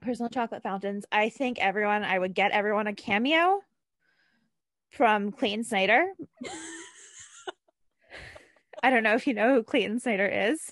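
A woman's voice: mid-range voice, measured pace, pauses often, fairly bright tone, no room sound, studio quality. A woman from New Jersey co-hosting a podcast in casual chat, bubbly and laughing often. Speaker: podcast co-host.

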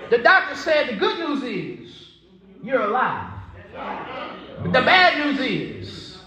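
A man preaching a sermon as pastor, telling a story and building to shouts, with a Southern US accent. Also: extremely high pitch, wildly swooping pitch, slow. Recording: echoey church hall.

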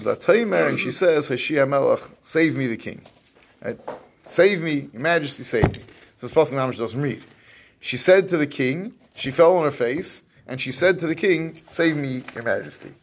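A man's voice: mid-range voice, gravelly, slight background noise. A man teaching an evening Torah class, reading verses, translating them and acting out what the people said, in Yeshivish English. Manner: Yeshivish English with Hebrew phrases.

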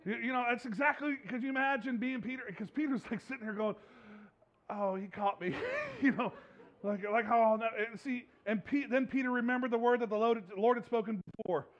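A man's voice: extremely high pitch, expressive, brisk. A man preaching a sermon as a pastor, in a conversational, humorous way, laughing often. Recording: dull lo-fi recording.

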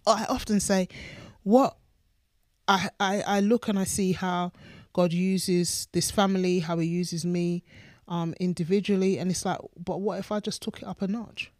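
Low-voiced earnest woman pastor. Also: steady tone, moderate pace, darkish tone, no room sound, clean studio sound. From United Kingdom. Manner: earnest, emphatic, repeats words when building a point. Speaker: podcast co-host, pastor. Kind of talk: casual faith chat.

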